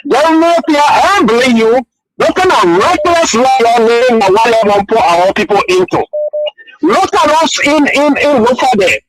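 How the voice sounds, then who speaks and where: A man's voice: extremely high pitch, expressive, normal speed, a loud crowd, poor audio. A man with a Liberian English accent calling in to a radio show, speaking in an emphatic, preachy way. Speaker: caller. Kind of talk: call-in radio talk.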